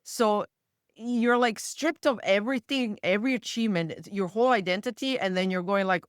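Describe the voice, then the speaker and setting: A woman from the Balkans with a Balkan accent, speaking as a guest coach in a casual podcast conversation, emphatic and quick to agree. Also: mid-range voice, clean tone, no echo, clean studio sound. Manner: emphatic, agreeing often with short yeps. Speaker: guest, cross-cultural coach.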